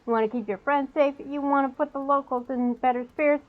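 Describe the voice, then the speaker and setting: A woman's voice: high voice, steady tone, fairly quick, phone-quality sound, natural voice. A woman voicing a streetwise old female goblin fixer with a put-on New York accent, folksy and conspiratorial. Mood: wry.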